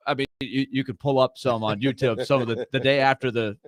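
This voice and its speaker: A man's voice: medium pitch, steady tone, fairly quick, dry recording. A man hosting a sports talk show, arguing his points emphatically and animatedly.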